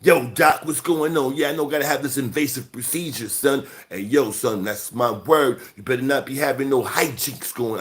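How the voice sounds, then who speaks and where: A man's voice: medium pitch, lightly acted. A man from putting on a brash, slang-heavy street-tough caricature in a mocking, swaggering tone.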